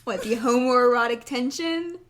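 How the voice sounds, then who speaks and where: A woman co-hosting a podcast in casual chat, giggly and chatty. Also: on the high side. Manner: giggly, chatty, quick asides. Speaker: podcast co-host.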